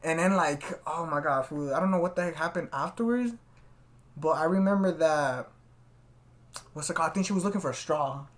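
A man's voice: on the high side, brisk. Laid-back slangy podcast guy. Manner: slangy, laid-back, keeps saying "fool". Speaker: podcast host. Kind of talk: casual chat, storytelling.

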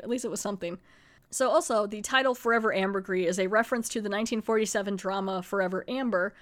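A young woman hosting a podcast, casually recapping a TV episode in a rambling, chatty way full of fillers and laughs. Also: mid-range voice. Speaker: podcast host reviewing TV episodes. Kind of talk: casual chat recapping a show.

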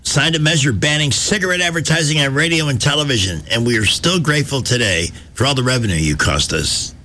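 A man's voice: mid-range voice, animated, fast talker, bright, forceful tone. A man hosting a radio talk show in a wry, joking, conversational way. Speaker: fill-in radio talk host.

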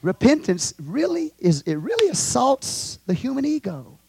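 A man preaching a fiery sermon as pastor of his church, swinging from hushed asides to shouts. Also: very high-pitched, very animated, normal speed, gravelly, husky, dry recording. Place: church sanctuary.

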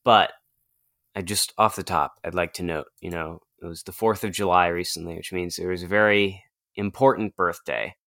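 A man co-hosting a podcast, talking in a tired, deadpan, rambling way. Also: deep voice, normal speed. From Virginia. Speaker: podcast co-host. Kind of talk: casual chat.

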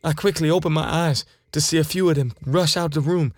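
A man's voice: a little high, brisk, no room sound, lightly acted. An actor playing a terrified man recounting an alien examination, in a shaken, pleading first-person retelling. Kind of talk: dramatized first-person account.

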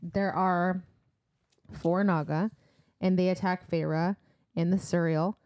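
Mellow-voiced woman co-hosting a book podcast. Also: fairly low pitch, slow, clean tone, dry recording. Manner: animated retelling with fillers and laughs. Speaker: podcast co-host. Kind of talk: casual book-club chat.

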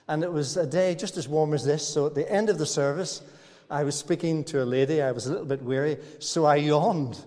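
A man's voice: fairly high pitch, fairly quick, darkish tone. A man preaching a sermon in a church, talking to the congregation in a folksy, good-humored way. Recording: church hall reverb.

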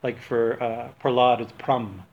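In an unhurried, fairly even medium-pitched voice, a man teaches religion informally, drifting off-topic, correcting himself, and laughing frequently. There's slight background noise, and the lo-fi recording is dull.

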